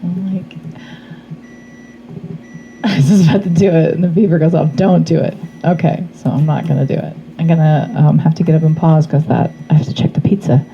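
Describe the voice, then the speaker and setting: Slightly hoarse lady reading tarot cards, low voice, slow rambly chat, a bit muffled. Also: fairly even intonation, dark tone, a little hiss or hum. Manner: meandering, chatty, trails off with fillers. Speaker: tarot reader. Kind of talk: casual tarot reading vlog.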